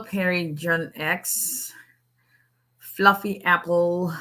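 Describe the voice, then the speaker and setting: A woman's voice: on the low side, pushed and bright. Chatty middle-aged woman hosting a livestream. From Africa. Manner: chatty, laughs often, digresses. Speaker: immigration lawyer hosting a livestream. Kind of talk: casual livestream chat.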